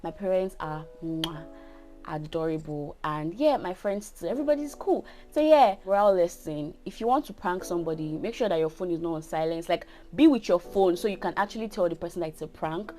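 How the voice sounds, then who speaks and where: A woman's voice: fairly low pitch, fairly quick, warm tone, faint music behind. A woman of twenty with a Nigerian accent, telling a story in a chatty, casual way and often checking in with her viewers. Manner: chatty, often asks "do you get?". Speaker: vlogger.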